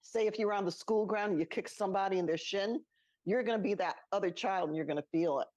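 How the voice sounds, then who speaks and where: This middle-aged woman talks fast on the podcast she co-hosts, her medium-pitched voice a little mellow and free of echo. Casually storytelling about her own life, she laughs often and mimics the people she quotes.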